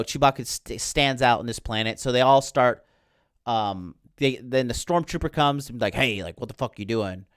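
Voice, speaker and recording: A man's voice: mid-range voice, fairly bright tone, clean tone, no room sound, clean studio sound. A man hosting a podcast, ranting about a film in a heated, sarcastic way full of swearing. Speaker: podcast host.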